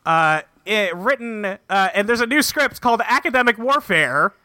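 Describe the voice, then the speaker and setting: A man with a vivid, bright, slightly high voice chats casually on a podcast, retelling a show scene by scene. He swears freely and drops into a flat delivery for the characters' lines. The sound is dry and close. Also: normal speed, no room sound. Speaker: podcast co-host recapping a show. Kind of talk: casual chat.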